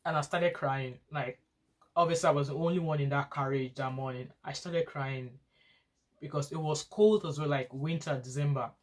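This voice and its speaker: In a casual vlog, a mother of school-age children who is studying nursing rambles through a long personal story, repeating things and restarting sentences often. Her voice sits low and darkish, with a steady tone and moderate pace.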